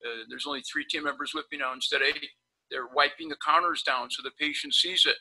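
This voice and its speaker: A man with a very bright, somewhat high voice rambles through anecdotes in an animated, blunt way. He talks casually over a video call, like a dentist chatting shop with colleagues. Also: fast talker, breathy edge, poor audio. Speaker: periodontist guest. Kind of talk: casual storytelling on a webinar.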